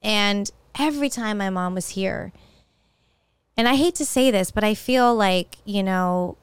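A woman's voice: medium pitch, a little slow, smooth, no room sound. A middle-aged woman hosting a solo podcast, talking in a candid, personal, conversational way. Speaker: podcast host.

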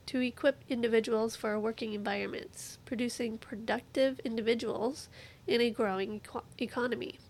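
A woman narrating a scripted lecture in a measured, prepared reading. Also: a little high, creaky, a little hiss or hum, low-quality recording.

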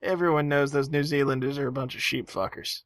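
A man's voice: mid-range voice, steady tone, a little fast, no room sound, clean studio sound. A man co-hosting a podcast in casual chat, sarcastic and profane. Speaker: podcast co-host.

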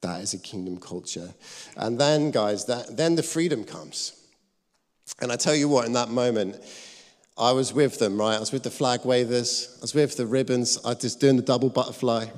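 A man preaching a sermon, telling a personal story, lively when acting out scenes and soft when quoting. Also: mid-range voice, moderate pace. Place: church hall. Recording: long reverb of a church hall.

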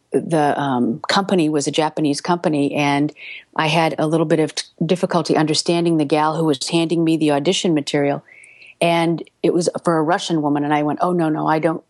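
A middle-aged voice actress tells animated career anecdotes in a relaxed interview. Her voice sits fairly low, and she leaps into much higher pitches whenever she acts out what someone said. The sound is dry and close, with no room echo. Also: a little fast. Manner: animated anecdote-telling, acting out quoted voices with big pitch jumps. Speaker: voice actress and audiobook narrator guest. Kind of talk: casual storytelling interview.

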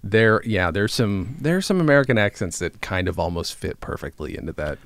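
A man's voice: on the low side, very animated, fairly quick, dry recording. A man hosting a podcast, chatting casually with enthusiasm, laughing often and poking fun at himself. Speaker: podcast host. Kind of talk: casual conversation.

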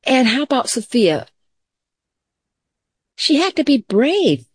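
A middle-aged woman teacher giving a gentle, calm mindfulness lesson to children, mixing story time with questions to the class. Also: high-pitched, takes it slowly, slightly rough, dry recording, clean studio sound.

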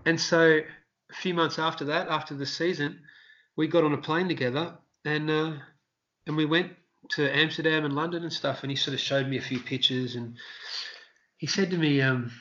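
An Australian man, a street performer, telling rambling, animated anecdotes in a casual interview. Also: a little high, normal speed, muffled recording.

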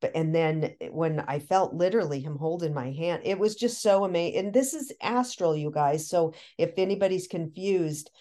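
A woman with a fairly low-pitched voice tells a personal story to a podcast host. She talks in animated, excited bursts, restarting her sentences often. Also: normal speed, few pauses. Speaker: podcast guest. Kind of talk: casual storytelling.

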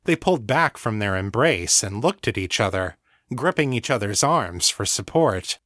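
A man reading a novel aloud as narrator, measured and even. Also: on the low side, dry recording, studio quality. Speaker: audiobook narrator. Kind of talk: scripted narration.

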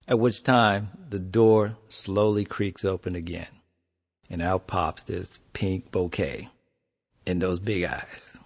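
A man's voice: lowish voice, slow. A man from Houston, Texas, telling a story in a studio and chatting with laughter. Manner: lively, laughs while telling. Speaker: storyteller and podcast guest. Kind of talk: oral storytelling and casual chat. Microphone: studio microphone.

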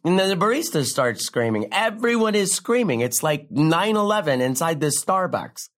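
In a scripted drama, a young, sardonic comic tells a rambling, foul-mouthed stand-up tale at normal speed. She comes across as wry, brash and self-deprecating, her voice shooting up and then falling flat for a deadpan aside.

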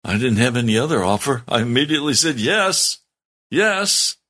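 A man's voice: medium pitch, quick pace, a bit bright. A middle-aged man, a pastor, telling his testimony in a sermon, earnest and heartfelt with strong emphasis.

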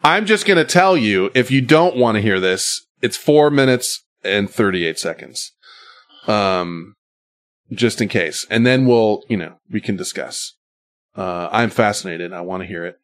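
A man's voice: on the low side, lively intonation, a little slow, fairly bright tone. Rambling casual podcast host, man. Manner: rambling storytelling with frequent fillers and swearing. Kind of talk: casual chat.

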